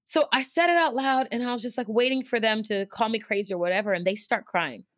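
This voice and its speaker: A woman who works as a cycling instructor, telling a personal story in conversation with an earnest, lively manner, often restarting her sentences and dropping in fillers. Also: a little high, fast talker, no room sound, studio quality.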